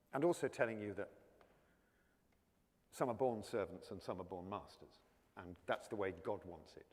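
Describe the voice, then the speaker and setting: A man with a near-RP English accent, talking as a guest actor in an onstage conversation. His pitch sits at an ordinary middle level, and he tells his stories in a chatty, anecdotal way, doubling words as he restarts. His voice rings with the long reverb of a college hall. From South London. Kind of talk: onstage conversation before an audience.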